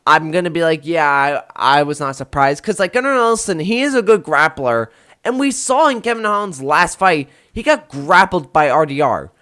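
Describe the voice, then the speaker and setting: A man's voice: high-pitched, very animated, normal speed, bright, forceful tone. A young man hosting a casual video of fight predictions, rambling with lots of fillers and self-corrections. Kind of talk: casual solo prediction talk.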